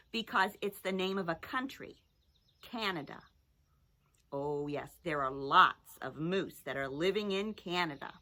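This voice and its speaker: A middle-aged woman teaching a children's phonics lesson, talking slowly in a sing-song way and mixing in songs. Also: lowish voice. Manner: slow, lively, sing-song teacher talk to young children.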